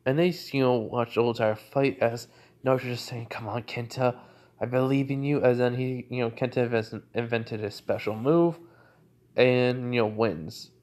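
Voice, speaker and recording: A man's voice: mid-range voice, fairly even intonation, moderate pace, darkish tone. Rambling man telling a fan story. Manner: rambling, heavy use of "you know" fillers. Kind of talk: casual retelling of a fan-made crossover story.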